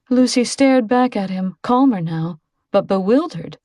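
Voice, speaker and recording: A woman narrating a novel aloud in a measured, expressive way. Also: medium pitch, no echo, studio quality. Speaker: audiobook narrator. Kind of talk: scripted narration.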